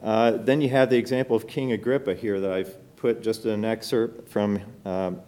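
A middle-aged man teaching a Bible lesson, speaking off the cuff with many pauses and restarts as he reads out scripture. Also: on the low side, fairly even intonation, mellow. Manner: unscripted and halting, with many fillers, restarts and quoted scripture.

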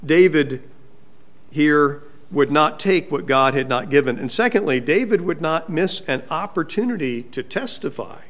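A man's voice: on the high side, expressive, unhurried, a bit bright. A male pastor preaching a sermon, asking his congregation rhetorical questions.

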